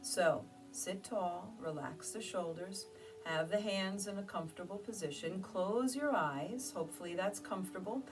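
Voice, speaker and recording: A woman teaching meditation, guiding her listeners through breathing with gentle, slow instructions and soft pauses. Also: mid-range voice. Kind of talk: guided meditation. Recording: distant mic with music behind. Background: soft music.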